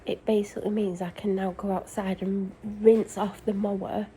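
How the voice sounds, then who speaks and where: A woman's voice: medium pitch, flat delivery, moderate pace, warm tone, a little hiss or hum, poor audio. A tired woman rambles in casual chat about her day while cooking in her home kitchen. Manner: rambling, chatty, self-deprecating. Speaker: vlogger.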